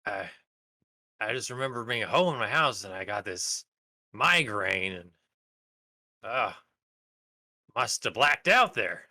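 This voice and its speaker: A man's voice: lowish voice, expressive, unhurried, pauses often, bright, forceful tone, no echo, full character voice. A man voicing a brash, boastful male brawler with a cybernetic implant in a tabletop game. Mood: dazed. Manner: boastful and scornful.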